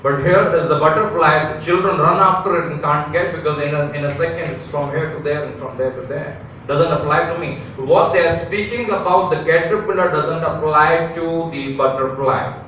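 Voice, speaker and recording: A pastor from India preaches live and emphatically in a large church hall, leaning on repeated phrases and rhetorical questions. He speaks at a moderate pace in a slightly high, somewhat bright voice. The mic is distant, the hall very echoey, the highs are cut off, and there is a little hiss or hum.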